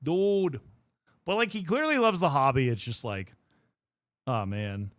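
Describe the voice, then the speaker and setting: Lively, bright-voiced young man streaming. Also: medium pitch, moderate pace, no room sound. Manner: rambling, swears freely, chats to viewers. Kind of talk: casual livestream chat while painting miniatures.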